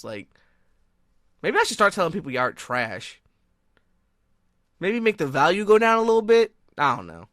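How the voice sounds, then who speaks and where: Podcast co-host, man, bright animated storyteller, dry close sound. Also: fairly high pitch, moderate pace, pauses often, dry recording. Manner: animated storytelling, laughs a lot, swears freely. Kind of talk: casual chat.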